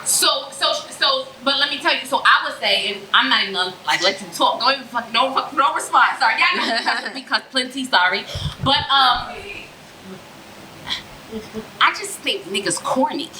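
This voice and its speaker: A woman co-host talks bluntly and profanely in a very bright, high voice, laughing as she makes her points. The sound is roomy, with a faint hum of noise behind her. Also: animated, normal speed. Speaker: podcast co-host, therapist. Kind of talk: live podcast talk. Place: patio bar. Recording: roomy live recording.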